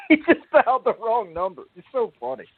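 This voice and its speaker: A man's voice: extremely high pitch, wildly swooping pitch, moderate pace, husky, dry recording. A man co-hosting a casual online talk show, rambling, profane and earnest as he talks about a friend. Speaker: podcast co-host. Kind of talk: casual chat. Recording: tinny phone-line audio.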